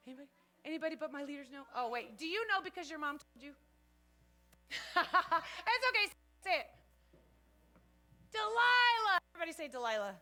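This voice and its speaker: A woman teaching a children's church Bible lesson in an animated way, often asking the kids questions. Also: high-pitched, slight background noise.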